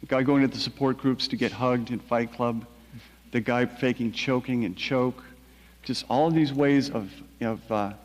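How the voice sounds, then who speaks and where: A man, a novelist, recounting a personal story in a measured, quiet way with halting restarts. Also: medium pitch, fairly even intonation, in a large hall.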